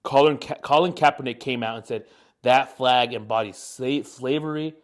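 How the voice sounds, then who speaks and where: Speaking at a normal speed with a medium pitch, a young podcast co-host in his twenties spins a long, wandering story in casual conversation, packed with fillers.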